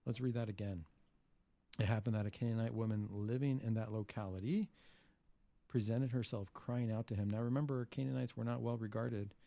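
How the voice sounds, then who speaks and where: A man preaching a Catholic homily, asking rhetorical questions and acting out the Gospel quotes with lively emphasis. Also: fairly low pitch, fairly quick, vocal fry, no echo.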